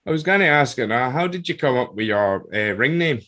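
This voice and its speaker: A man's voice: mid-range voice, lively intonation, a little fast, fairly bright tone. A Scottish man hosting a casual interview, giving short replies and asking questions. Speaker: podcast host.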